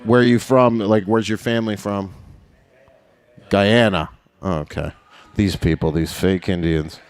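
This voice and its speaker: Brash, profane comedian on stage. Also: male voice, fairly low pitch, fairly even intonation, a little slow, clean tone. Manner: brash, profane, laughing at own jokes. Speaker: stand-up comedian. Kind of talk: stand-up with crowd work.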